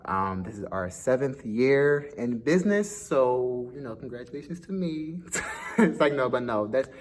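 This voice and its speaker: A man's voice: mid-range voice, lively intonation, unhurried, slight background noise. A young man with a slight lisp, talking casually and a bit nervously to camera in his first vlog. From Philadelphia. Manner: chatty, self-conscious, laughs easily. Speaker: vlogger, dance school owner.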